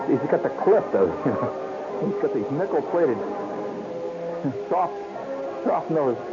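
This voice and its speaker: Man telling a lively radio story. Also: fairly high pitch. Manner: animated, acts out voices and sounds, laughs often. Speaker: radio host. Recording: dull lo-fi 1970s radio broadcast with hiss.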